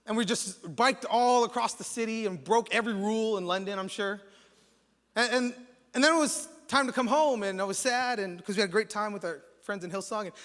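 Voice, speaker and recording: A high, bright-voiced American man preaching as campus pastor, telling a story in a casual, joking way and often restarting his sentences. His voice rings out with a long reverb in a large church hall. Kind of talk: sermon with prayer and storytelling.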